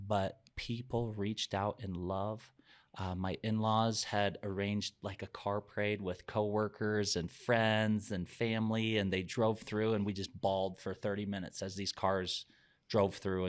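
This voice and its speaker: Middle-aged male podcast guest, low voice, earnest reflective storytelling. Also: a bit bright. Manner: earnest, reflective, sometimes emotional. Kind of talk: heartfelt personal storytelling.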